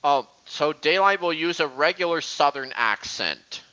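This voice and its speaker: A man hosting a casual live stream, talking in an excitable, halting way with many restarts. The sound is dull and lo-fi. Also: a little high, clear, resonant tone. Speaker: stream host.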